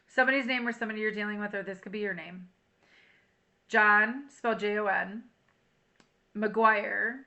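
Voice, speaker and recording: Bright-voiced emotional woman tarot reader. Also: on the high side, a little slow, pauses often. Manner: emotional, chatty, sings and reads lyrics aloud. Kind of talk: casual tarot reading to camera.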